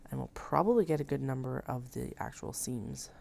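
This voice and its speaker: A woman in her thirties with a very deep, gravelly voice talks her way through a sewing session at home, thinking aloud and poking fun at herself. Her tone is dark and mellow, and she drifts a little closer to and further from the mic as she works. A faint hiss sits under the recording. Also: expressive, fairly quick. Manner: chatty, thinking aloud, self-mocking. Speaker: crafter live-streaming her sewing. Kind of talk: casual chat while working.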